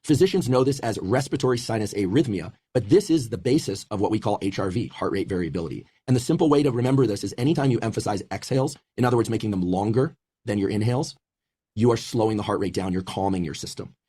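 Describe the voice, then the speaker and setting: Fast-talking male scientist, husky and mellow. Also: lowish voice. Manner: fast, steady lecturing explanation. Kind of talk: scientific explanation.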